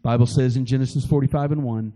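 Man, preacher, sermon, mellow tone, emotional, repeats himself. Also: medium pitch, fairly even intonation, fast talker, low-quality recording. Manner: emotional, rising and falling delivery with repetitions. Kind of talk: sermon storytelling.

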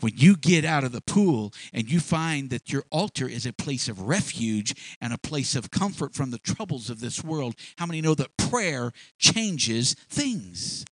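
A man's voice: medium pitch, sing-song, a little slow, few pauses. A man preaching a sermon in a folksy, repetitive way, stumbling over words and acting out little scenes. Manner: folksy, repetitive, acts out voices for illustration.

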